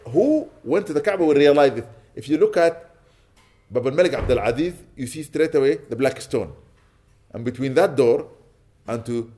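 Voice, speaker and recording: A man with a medium-pitched, darkish voice speaks as a sheikh giving an Islamic lecture. His sermon tells a story, quoting Arabic and then translating it.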